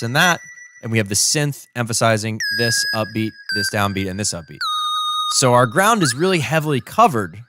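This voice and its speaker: A man explaining how he is composing and arranging a song during a livestream. He thinks aloud with enthusiasm and sings rhythms and melody lines out loud to show his ideas. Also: mid-range voice. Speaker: musician streaming his composing session. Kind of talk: casual explanatory livestream talk.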